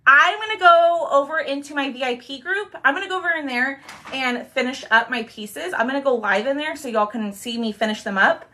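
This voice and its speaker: A young woman with a high, bright, forceful voice hosts a chatty live craft stream at a fairly quick pace. She's bubbly, talking viewers through her work and thanking commenters as she goes.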